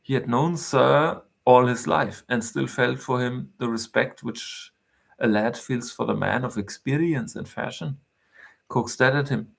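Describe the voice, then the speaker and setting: Gravelly man reading a novel aloud. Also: medium pitch, measured pace. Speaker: reader.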